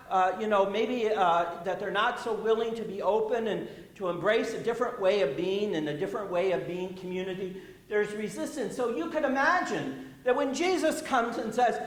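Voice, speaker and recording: A high-voiced male pastor preaches in a folksy, storytelling way, chuckling and repeating himself. He is a little out of breath. The sermon echoes through a roomy church sanctuary.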